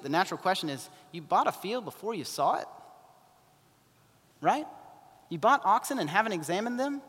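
A man delivers a sermon in a chatty way, now and then acting out the people he quotes. His voice sits a little high for a man. A long hall reverb trails after each phrase. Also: sing-song, normal speed, fairly bright tone. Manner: conversational preaching, acting out voices in quoted asides. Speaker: pastor.

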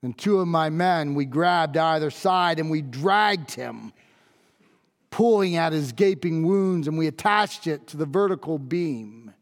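A grave Roman centurion, voiced by a man, pours out his awe in a high, unhurried voice. He pleads and circles back on his own words for emphasis. The sound trails off in the long echo of a large hall. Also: lively intonation. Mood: solemn, awed. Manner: intense, pleading, repeats phrases for emphasis. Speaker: monologue performer. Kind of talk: dramatic first-person monologue.

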